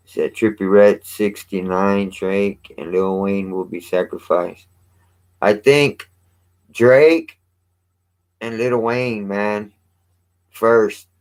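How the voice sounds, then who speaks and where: A man's voice: on the low side, steady tone, drawn-out words, pauses often, a little mellow. A man hosting a casual vlog, rambling and restarting his sentences and swearing casually as he talks. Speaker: vlog host.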